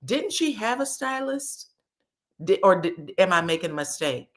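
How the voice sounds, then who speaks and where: A woman casually recapping a reality TV episode in a chatty, gossipy way, acting out the cast's quotes in animated voices. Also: lowish voice, moderate pace.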